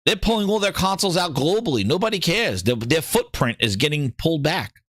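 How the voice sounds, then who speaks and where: A man hosting a gaming show, talking in casual, opinionated commentary. He swears freely, mocks other people in put-on voices and gets excited as he reads. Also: fairly high pitch, a little fast, no echo. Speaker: gaming podcast host.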